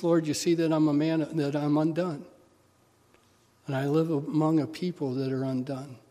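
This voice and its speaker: A man preaching a sermon, telling stories and swinging from loud urging to quiet, intimate asides. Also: a little high. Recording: long hall reverb.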